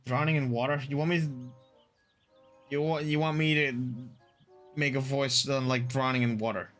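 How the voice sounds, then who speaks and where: A man's voice: mid-range voice, steady tone, moderate pace, fairly bright tone, faint music behind. A man streaming a video game live, chatting casually with his chat and trying out funny voices.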